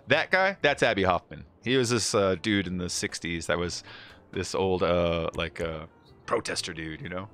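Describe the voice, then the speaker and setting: A man's voice: lowish voice, moderate pace, fairly bright tone, smooth. A man streaming a racing game, chatting casually, rambling and laughing as he reads chat aloud.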